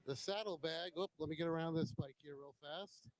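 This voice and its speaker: Male host, slightly high voice, casual admiring walkaround banter. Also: fairly even intonation, normal speed, few pauses, low-quality recording. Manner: chatty, admiring, joking.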